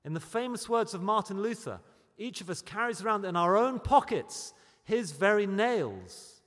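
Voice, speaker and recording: A man preaching a sermon, moving between loud, emphatic declarations and quiet, storytelling asides. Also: sits high, very animated, normal speed. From Britain. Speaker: pastor. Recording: long hall reverb.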